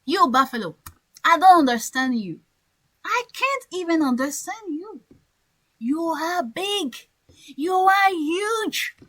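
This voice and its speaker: A woman's voice: extremely high pitch, animated, slow, a bit bright, exaggerated voice, poor audio. A woman voicing a baffled wolf in a storytelling lesson who keeps asking incredulous, pleading questions.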